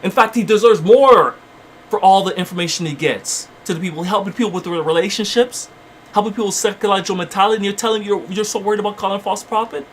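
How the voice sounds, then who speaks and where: A man's voice: sits high, steady tone, very fast, slight background noise. A man hosting his channel, delivering fiery, repetitive spiritual motivational preaching. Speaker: channel host.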